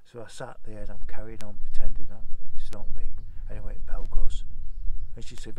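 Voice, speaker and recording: Gravelly fortysomething guy rambling through old stories, casual chatty vlog talk. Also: fairly low pitch, flat delivery, moderate pace, mellow, a little hiss or hum, low-quality recording. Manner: chatty, rambling anecdotes with dialect grammar. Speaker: off-grid homestead vlogger. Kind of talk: casual reminiscing storytelling.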